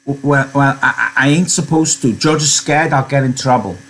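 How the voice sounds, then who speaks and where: A man's voice: mid-range voice, normal speed, a bit bright, slight background noise, voice pushed up, close to an everyday voice. A man reading aloud and voicing a big, simple-minded young ranch hand who stammers and repeats his words like a child. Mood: anxious.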